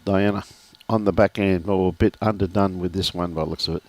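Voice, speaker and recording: A man's voice: low-pitched, fairly even intonation, fast, a little mellow. A man giving live lawn bowls commentary, chatty and joking, often calling people "mate".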